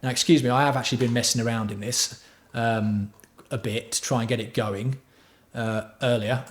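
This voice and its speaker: A man's voice: mid-range voice, steady tone, normal speed. A man hosting a casual livestream tutorial on music production. He chats with his viewers and swears freely. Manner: chatty, swears freely, answers viewer chat.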